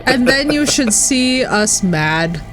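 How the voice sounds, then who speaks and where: A woman with a fairly high voice chats casually on a game stream, animated and quick to laugh. Faint music plays under her talk. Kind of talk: casual gaming stream chat.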